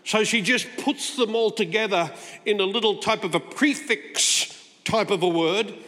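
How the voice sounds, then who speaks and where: High-voiced older man preaching in a hall. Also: a little slow, pushed and bright. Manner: conversational, playful storytelling. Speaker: guest preacher. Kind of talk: sermon. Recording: long hall reverb.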